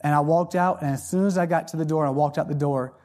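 Brief: male lay preacher, fairly high mellow voice, folksy storytelling sermon, stumbles on repeated words. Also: fairly even intonation, quick pace. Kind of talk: sermon testimony.

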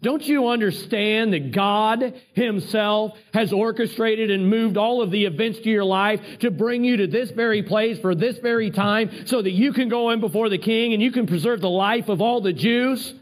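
A preacher voicing an urgent pleading cousin. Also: male voice, sits high, normal speed, hardly any pauses, natural voice. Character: anxious older male cousin, pleading.

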